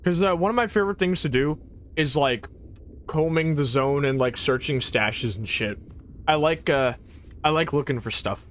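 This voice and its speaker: A woman's voice: sits low, moderate pace, slight background noise. A woman streaming a game live, chatting casually with viewers, rambling and swearing, with frequent fillers and laughs. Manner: reacts aloud to gameplay and answers chat. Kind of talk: casual gameplay livestream chat.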